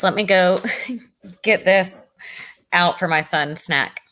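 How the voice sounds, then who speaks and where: A woman's voice: on the low side, steady tone, slow pace, fairly bright tone. A woman hosting a casual livestream, talking earnestly and reading viewers' comments aloud. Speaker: livestream host.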